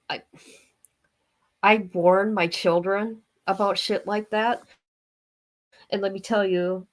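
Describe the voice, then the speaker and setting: A middle-aged woman hosting a livestream, talking in a rambling, blunt, chatty way to her viewers. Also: mid-range voice. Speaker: livestream host. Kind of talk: casual livestream chat.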